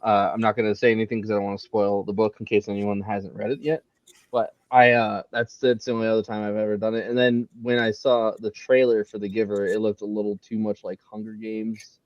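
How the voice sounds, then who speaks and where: A man's voice: lowish voice, level tone, fairly quick, dry recording. Eager chatty man, slightly muffled. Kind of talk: casual book club chat.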